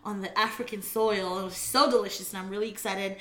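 A woman's voice: mid-range voice, fairly even intonation, fairly quick, reverberant. A woman co-hosting a casual podcast, telling stories with enthusiasm. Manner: enthusiastic, storytelling. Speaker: podcast co-host. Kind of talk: casual drinking chat.

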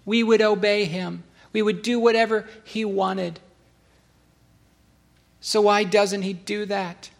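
A man with a high-pitched voice delivers a relaxed, conversational sermon. He tells stories with animated swings between quiet asides and sudden high outbursts, often laughing at himself. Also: slow pace, vocal fry, long pauses. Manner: self-deprecating, laughs at himself. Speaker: pastor. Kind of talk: casual sermon storytelling.

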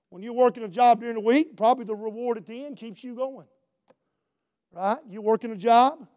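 Male preacher with a very high voice; shouts his points and drops low for asides, pausing on "Amen.". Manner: swings between loud shouted preaching and low quiet asides; punctuates with "Amen" and calls to the congregation. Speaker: pastor. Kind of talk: sermon.

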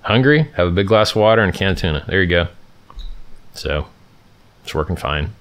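Deep-voiced emphatic man from California. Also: animated, fairly quick, fairly bright tone. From Stockton, California, USA. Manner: emphatic, repeats phrases and restarts often. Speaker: livestream host answering viewer questions. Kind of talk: casual livestream chat.

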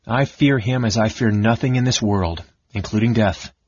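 A composed dark elf mage, played by a man, with a low, husky, soft-spoken voice. The recording is dull and dry. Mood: grave. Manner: soft, cool and measured.

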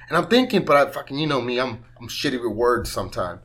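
Bright-voiced man telling a rambling story. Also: mid-range voice, expressive, fast talker. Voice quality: profane, laughs through his story. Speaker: podcast co-host. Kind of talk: casual podcast storytelling.

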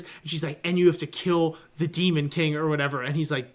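A man with a slightly raised voice chats casually on a podcast with friends. He tells stories with animated energy, laughing and swearing as he goes. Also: a little high, fairly quick, hardly any pauses. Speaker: podcast co-host. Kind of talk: casual chat.

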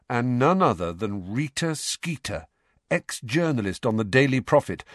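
A man reading an audiobook in an expressive storytelling manner. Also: medium pitch, no echo, studio quality. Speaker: audiobook reader. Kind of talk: audiobook narration.

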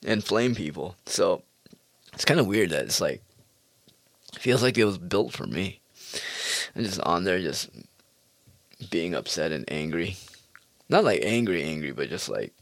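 A man's voice: fairly low pitch, no echo. A man hosting a solo podcast in a casual, rambling monologue, swearing often and mocking people. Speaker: podcast host.

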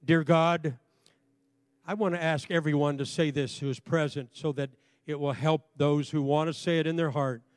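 Fervent pastor preaching, dry sound. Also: male voice, fairly high pitch, fairly even intonation, brisk, few pauses, a little mellow, no room sound. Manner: fervent, leads the congregation in call and response. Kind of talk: sermon with altar call. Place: church sanctuary, also streamed online.

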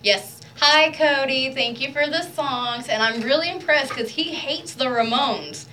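A woman hosting a radio show, chatting in a bubbly, quick way with a guest. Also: sits high, background noise. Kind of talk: casual chat.

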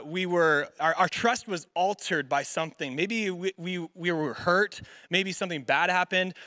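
A man preaching a sermon, telling a personal story in an animated way with lots of filler words. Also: a little high, no room sound.

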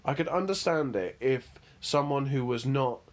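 A man co-hosting a casual podcast chat, ranting and swearing freely, and quick to mock himself. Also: mid-range voice. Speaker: podcast co-host.

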